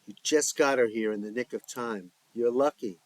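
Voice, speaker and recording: A man voicing a brisk, matter-of-fact doctor in the emergency room. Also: mid-range voice, dry recording, natural voice. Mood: businesslike. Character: brisk professional male doctor.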